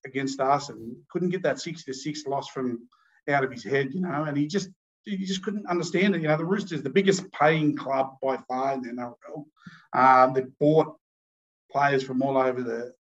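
An Australian man telling a long joke in a casual, animated way, acting out the characters' lines as he goes. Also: medium pitch, lo-fi sound.

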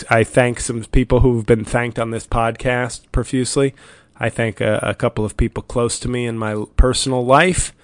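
A man's voice: mid-range voice, clean tone, no room sound. A man hosting his own comedy podcast, talking alone in a rambling, wry and self-deprecating way. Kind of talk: rambling solo podcast monologue.

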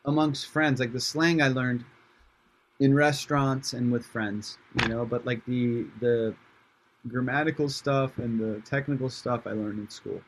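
A man's voice: mid-range voice, fairly even intonation, unhurried, a little hiss or hum, poor audio. A laid-back male comedian from Iran, chatting as a podcast guest. He talks loosely and mocks himself, with plenty of casual swearing. His voice sits in a middle range. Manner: laid-back, swears freely, self-mocking. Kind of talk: casual interview chat.

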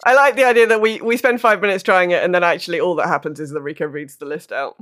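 A woman's voice: on the low side, fast, fairly bright tone. A woman speaking as a player in a tabletop role-playing game, polite and a little hesitant.

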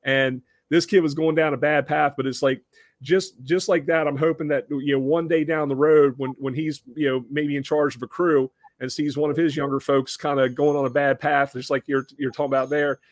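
A man with a slightly raised voice tells a story in a loose, conversational way, restarting phrases as he goes. He lifts into animated impressions of the people he describes. The sound is dry and close, with no room around it. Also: on the high side, a little fast, no room sound. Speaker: podcast host. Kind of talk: casual storytelling.

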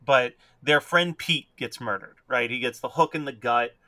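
A man's voice: mid-range voice, moderate pace, bright, forceful tone, no room sound. A man co-hosting a casual movie podcast, telling amused stories and laughing often. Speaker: podcast co-host. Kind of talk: casual movie-review chat.

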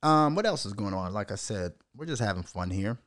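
A man's voice: lowish voice, lively intonation, fairly quick, a bit bright, no echo, clean studio sound. A young man hosting a casual solo podcast, ranting profanely and mocking people with impressions. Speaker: podcast host.

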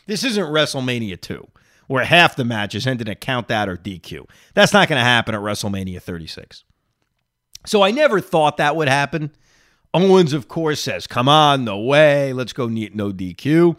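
Animated man with a lingering cough. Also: medium pitch, a little fast, no room sound, studio quality. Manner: animated, opinionated, talks to listeners directly. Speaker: podcast host. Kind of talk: solo reaction podcast.

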